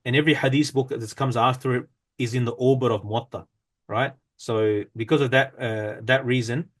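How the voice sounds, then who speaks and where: A man's voice: medium pitch, steady tone, a little fast. A man teaching an Arabic grammar lesson, reading from a textbook and explaining step by step with frequent fillers and self-corrections.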